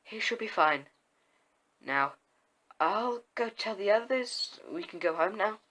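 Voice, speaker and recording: Calm young woman healer, smooth voice, reassuring, read by a man, bright. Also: high voice, slow, pitched above the performer's own voice, heavily acted.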